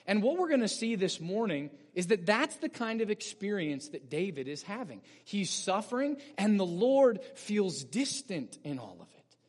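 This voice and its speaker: Very animated and at a moderate pace, a pastor with a notably high voice preaches in an earnest, explanatory way, pushing up in emphasis on key points. A long reverb tail from the church sanctuary follows his voice.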